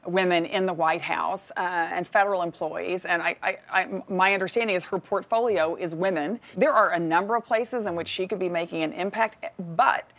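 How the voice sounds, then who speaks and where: A woman's voice: fairly low pitch, normal speed, hardly any pauses, a bit bright. A woman with a Texas accent, a guest on a talk show, answering questions confidently and upbeat. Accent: Texan. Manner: upbeat, confident, with light laughs. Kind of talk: interview answers.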